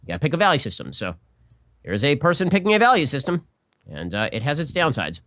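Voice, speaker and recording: Sardonic fast-talking man commentator. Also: on the high side, huge pitch swings, background noise. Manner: sardonic, rapid-fire and mocking. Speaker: political commentator. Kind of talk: fast reaction commentary on clips.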